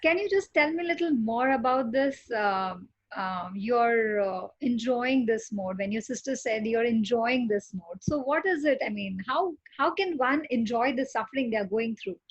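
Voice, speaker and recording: A woman's voice: a little high, animated, moderate pace, few pauses, dry recording, dull audio. A woman hosting an interview, asking questions hesitantly with many fillers and encouraging her guest. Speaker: podcast host.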